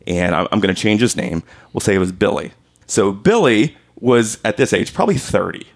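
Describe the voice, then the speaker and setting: A podcast host in his forties tells family stories in casual conversation, laughing a lot and acting out what people said. His voice is on the low side and moves at a normal speed.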